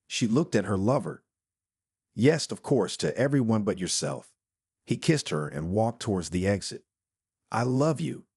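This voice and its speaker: A man's voice: on the low side, slightly rough, no room sound, studio quality. A man narrating a family story and reading all the characters' lines in much the same voice. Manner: reads every character in one lightly varied voice.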